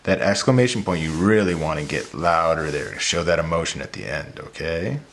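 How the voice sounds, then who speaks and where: Low-voiced man teaching kids. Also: moderate pace, fairly bright tone, slight background noise. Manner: patient, explains step by step with playful demonstrations. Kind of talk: children's reading and drawing lesson.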